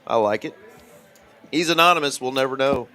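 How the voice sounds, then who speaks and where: A man's voice: medium pitch, brisk, bright, forceful tone, faint music behind. A man giving live poker color commentary in a joking, playful way.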